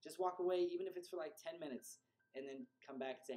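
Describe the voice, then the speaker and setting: A man's voice: a little high, fast, mellow. A young man telling a story in a chatty, casual way, with lots of fillers and words repeated for emphasis. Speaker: host. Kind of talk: casual storytelling advice vlog. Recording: echoey room.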